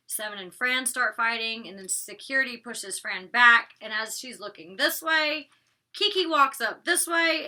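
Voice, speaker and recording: Woman, reality TV reviewer, casual recap, blunt and profane, very bright tone. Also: on the high side. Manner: blunt, opinionated, swears freely.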